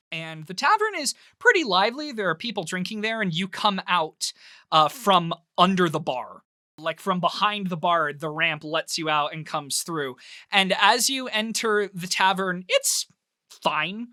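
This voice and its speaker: A man's voice: a little high, sharp tone, dry recording, clean studio sound. A man narrating a tabletop game as game master, drawing out words for emphasis as he describes scenes.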